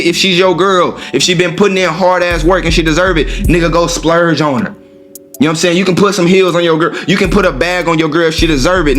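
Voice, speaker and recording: A man with a somewhat high voice talks through a casual motivational monologue, heavy with street slang and profanity. He keeps checking in with the listener as he goes. Faint music plays underneath. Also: fairly bright tone. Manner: profane, street slang, repeats "you know what I'm saying". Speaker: host.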